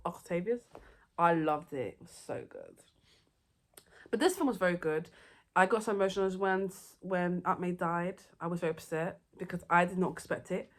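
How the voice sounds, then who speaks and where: A young woman, chatting excitedly and rambling through her favourite movies in a casual vlog. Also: fairly low pitch. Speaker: vlogger. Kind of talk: casual movie review chat.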